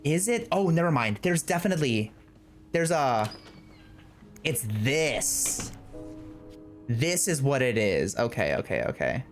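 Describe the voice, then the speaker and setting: An excitable streamer thinking aloud through a story game, quick to gasp and swear. Faint game music plays under the voice. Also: mid-range voice. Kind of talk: excited game playthrough chatter.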